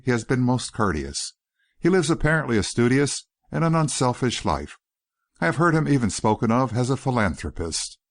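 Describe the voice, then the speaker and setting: A man reading an audiobook voices an earnest, courteous young gentleman who pleads politely and persistently. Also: mid-range voice, natural voice.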